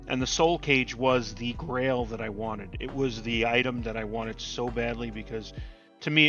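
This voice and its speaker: Middle-aged male co-host, earnest and heartfelt, bright forward tone over a dull, lo-fi mic. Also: mid-range voice. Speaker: podcast co-host. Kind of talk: casual interview chat. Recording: muffled lo-fi remote mic.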